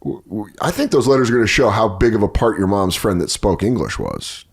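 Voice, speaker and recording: A man's voice: lowish voice, very animated, brisk, creaky, husky. A man hosting a podcast, telling stories in casual comedic chat and mimicking people in quoted voices, with crude jokes. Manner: crude, joking. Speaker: podcast host.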